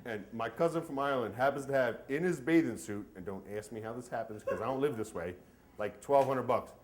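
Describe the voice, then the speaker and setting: A man telling a comic story about himself at a live story event, in an animated, joking way. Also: medium pitch, brisk. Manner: animated, comic, self-mocking.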